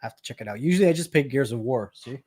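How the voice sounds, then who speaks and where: A man's voice: mid-range voice, animated, rapid-fire, darkish tone, a little hiss or hum. A man in his thirties from Canada, chatting casually on his live stream and telling stories with a laugh. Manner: chatty storyteller, laughs often, repeats words.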